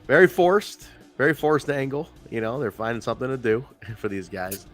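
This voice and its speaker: A man's voice: mid-range voice, lively intonation, moderate pace, soft background music. A man co-hosting a casual wrestling review podcast, talking in a rambling, profane way and laughing often. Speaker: podcast co-host.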